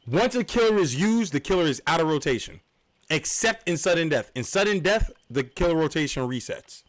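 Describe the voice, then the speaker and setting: A man hosting a livestreamed game tournament, explaining the rules with joking asides. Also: on the high side. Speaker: tournament host and caster.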